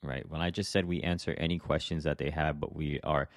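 A man's voice: rumbling low, steady tone, fairly quick, dry recording, clean studio sound. A young man hosting a solo podcast, talking casually in a rambling, chatty way with lots of "right?" and restarts. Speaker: podcast host, real estate agent.

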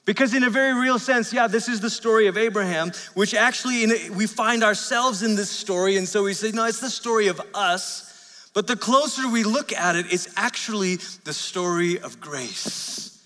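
A male pastor with a high, bright voice tells stories in his sermon in a chatty, self-deprecating way. His words ring out in a church hall with a long reverb. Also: moderate pace, hardly any pauses. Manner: conversational storytelling with self-deprecating asides. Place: church sanctuary.

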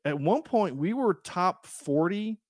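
A man's voice: high-pitched, lively intonation, slow pace, no echo, studio quality. A man hosting a podcast in casual chat, rambling and self-deprecating, with frequent restarts. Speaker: podcast host.

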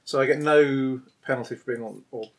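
A man's voice: mid-range voice, fairly even intonation, fairly quick, slight background noise. A man playing a tabletop game, working through the rules step by step. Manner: methodical, checks rules step by step. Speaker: player. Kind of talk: casual chat at a game table.

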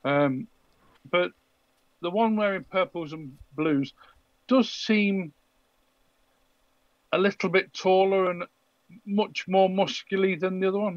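A man's voice: high voice, slow, long pauses, no room sound, lo-fi sound. A man narrating as game master of a tabletop game, descriptive and hesitant with ums.

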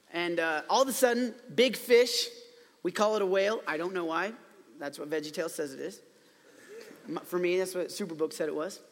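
A high-voiced man preaches a casual, storytelling sermon in a chatty way, full of playful asides. His voice is bright and sharp. It rings with a long reverb, as in a large hall.

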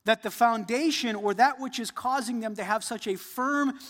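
A man in his thirties preaching a sermon, earnest, building to emphatic points and then dropping soft. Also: very high voice, moderate pace, long reverb tail. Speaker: pastor.

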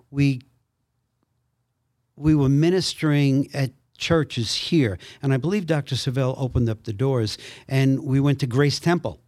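A man's voice: mid-range voice, no room sound, studio quality. An older man, an actor and minister, telling stories animatedly as a podcast guest, acting out the quotes. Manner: animated storyteller, acts out quotes. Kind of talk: storytelling in a podcast interview.

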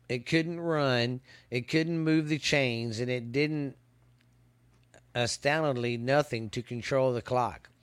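Out in the hot open air, a male podcast host gives a laid-back football season preview. His smooth, mid-range voice has no echo. He keeps tripping over the stats, restarting lines between hiccups.

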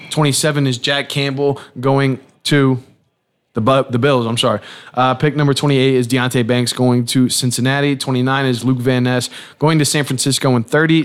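A young man hosting a casual sports podcast from a booth, relaxed and rattling through a long list in a steady patter. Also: medium pitch, clean tone. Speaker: podcast host.

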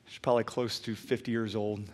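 A man preaching a sermon in a church, shifting between loud pleading emphasis and relaxed storytelling. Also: lowish voice, a little fast. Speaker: pastor. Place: church sanctuary.

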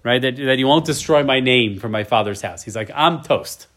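Speaking fairly fast in a medium, somewhat bright voice, a man in his thirties teaches Torah in a casual class. He goes through each verse in Hebrew with a translation, chatty all the while and repeatedly asking "right?".

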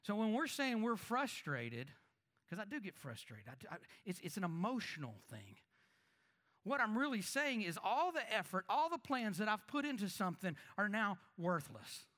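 A man preaching as a pastor, talking conversationally and asking the congregation rhetorical questions, his voice swinging between emphatic lines and quiet asides. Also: sits high, big pitch swings, moderate pace. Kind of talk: sermon.

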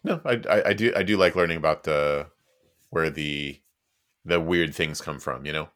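A man co-hosting a podcast in casual chat, halting and restarting often with lots of "you know". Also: rumbling low, a bit bright. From Texas. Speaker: podcast co-host.

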